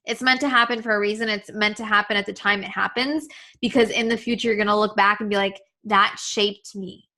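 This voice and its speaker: A woman's voice: mid-range voice, fairly even intonation, fast, sharp tone. A woman coaching a live webinar, earnest and emotional, repeating herself with many fillers, speaking over a video call. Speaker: confidence coach leading a webinar.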